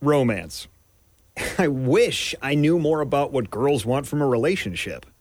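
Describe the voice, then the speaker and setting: A man's voice: mid-range voice, expressive, unhurried, darkish tone, no echo, clean studio sound. A man playing a wry guy in a radio ad. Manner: musing, wry. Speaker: ad voice actor. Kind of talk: comedic radio ad.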